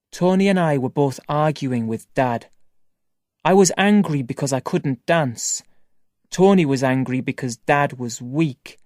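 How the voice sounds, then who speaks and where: Slow clear audiobook narrator, level-3 learner reader, mid pitch, dry close studio sound. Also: a little mellow, no echo. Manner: slow, clear, carefully paced reading. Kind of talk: first-person graded-reader narration for learners.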